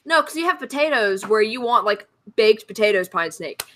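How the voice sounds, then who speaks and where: Blunt playful woman with a bright voice. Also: fairly high pitch, expressive, normal speed. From Georgia, USA. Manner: blunt, playful, laughs at herself. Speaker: guest. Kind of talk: casual chat.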